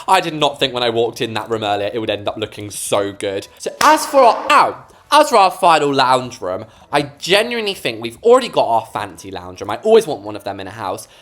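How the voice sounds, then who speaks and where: A young man of eighteen gives chatty game-building commentary, talking straight to his viewers. His voice swoops up and down with plenty of life and cracks now and then. Soft music plays faintly behind him. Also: mid-range voice. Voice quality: occasional voice cracks. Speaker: gaming YouTuber.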